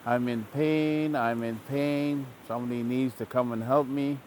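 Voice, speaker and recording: A man's voice: mid-range voice, fairly even intonation, measured pace, darkish tone, a little hiss or hum, close to an everyday voice. A man voicing a greedy male seagull who whines and pleads that he is in pain. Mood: pained, pleading. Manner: complaining, pleading, cries in pain. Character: whiny, greedy male seagull hoarding the sun.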